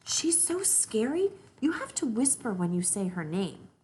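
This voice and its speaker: A woman voicing an older brother who teases his little sister with spooky, drawn-out warnings. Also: a little high, big pitch swings, mellow, a little hiss or hum. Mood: spooky teasing.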